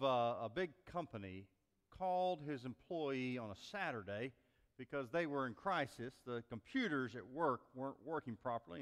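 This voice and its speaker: A man preaching a sermon as pastor, telling a story in a folksy, animated way with many restarts. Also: medium pitch. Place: church sanctuary. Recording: long reverb of a church sanctuary.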